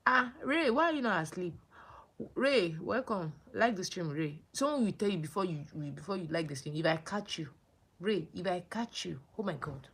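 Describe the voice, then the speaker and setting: With a husky, lowish voice at a normal speed, this young woman from Nigeria runs a laid-back livestream. She's lively as she welcomes viewers by name, replies to their comments, and keeps circling back to the same names and phrases.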